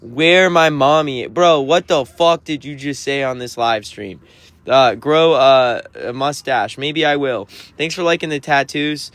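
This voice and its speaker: A man's voice: mid-range voice, a little slow, no echo. Sassy man reading livestream chat. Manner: sassy, teasing, mock-offended. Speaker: touring musician.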